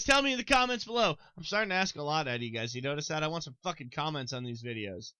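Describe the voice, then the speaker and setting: A young man hosting a casual solo sports podcast, excitable, talking straight to his listeners and swearing freely. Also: on the high side, fast, smooth, no echo, poor audio. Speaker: podcast host.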